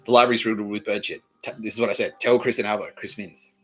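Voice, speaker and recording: A man's voice: lowish voice, fairly even intonation, fast, soft background music. A man hosting a podcast, telling a long story in a rambling, profane, repetitive monologue. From Australia. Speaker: podcast host.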